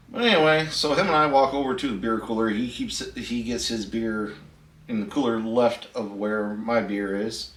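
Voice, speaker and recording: A middle-aged man hosts a casual storytelling vlog, chatting in a laid-back way and laughing at his own tale. His medium-pitched voice is a bit bright and sounds somewhat off-mic and distant in an echoey room.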